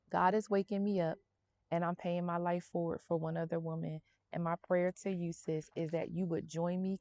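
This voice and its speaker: A woman's voice: lowish voice, warm tone, no echo. A woman in her fifties, seated outdoors, vlogging encouragement from her faith and repeating affirmations. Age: 50s. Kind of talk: faith-based motivational vlog.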